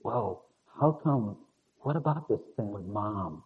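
A man's voice: fairly low pitch, expressive, slow, husky. A man preaching a conversational sermon in a rambling, confessional way with chuckling asides. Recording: narrow phone-like lo-fi sound.

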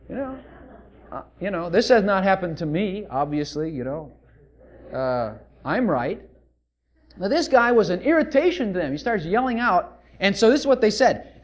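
A male preacher delivering a sermon, animated and full of rhetorical questions. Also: sits high, moderate pace.

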